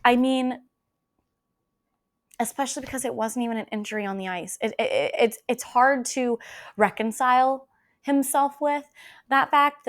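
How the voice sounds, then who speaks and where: A woman hosting a casual book podcast, talking in a gushing, emotional way and often repeating herself. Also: a little high. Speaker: podcast host. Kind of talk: casual book review chat.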